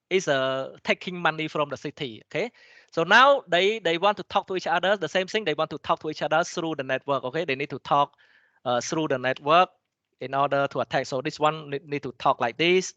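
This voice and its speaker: Cambodian-accented male lecturer, quick, bright tone, halting delivery full of restarts, dull dry recording. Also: a little high, dry recording. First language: Khmer. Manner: halting, many restarts and fillers, repeats "okay?" to check understanding. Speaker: teacher. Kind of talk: lecture explaining slides, switching between English and Khmer.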